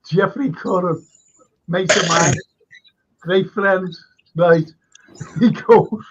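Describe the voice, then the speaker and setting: A man's voice: high voice, lo-fi sound. A man hosting a live stream, chatting and reading viewers' comments aloud with frequent laughs. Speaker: host.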